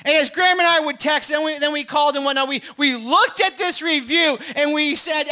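A woman pastor with a high, bright, ringing voice delivers a sermon. She talks to the congregation in a chatty way, trips over and repeats her words, then climbs into loud, fervent bursts. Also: fairly quick, few pauses. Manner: conversational preaching that builds to shouting; frequent restarts and repeated words.

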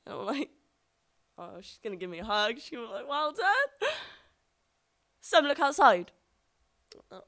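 Young girl telling a story on stage, bouncy, does everyone's voices. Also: medium pitch. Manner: lively, acts out the voices of family in her tale. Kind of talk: live storytelling.

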